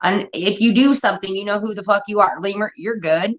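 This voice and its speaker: A woman hosts a livestream, chatting casually in a blunt, profane way and clearly irritated with her moderators. Her voice sits in the mid range, a little fast and fairly bright. The stream audio is dull and lo-fi.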